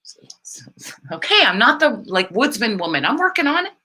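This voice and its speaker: A woman co-hosting a casual live chat, talkative and rambling, quick to laugh. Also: fairly high pitch, very animated, bright, forceful tone. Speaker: co-host of a camping channel live stream.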